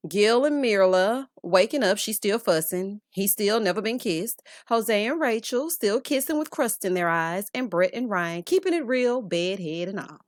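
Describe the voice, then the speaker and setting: Sassy woman for a chatty TV recap, lively and expressive, dry close mic. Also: mid-range voice, moderate pace, few pauses, dry recording. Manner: sassy, calls viewers honey and child, bursts of laughter. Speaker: reality TV recap host.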